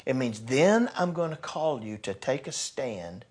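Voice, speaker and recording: Pastor, male, husky tone, earnest sermon delivery with swings between loud and soft. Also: medium pitch, big pitch swings, a little slow, few pauses. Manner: earnest, builds to loud bursts then drops soft.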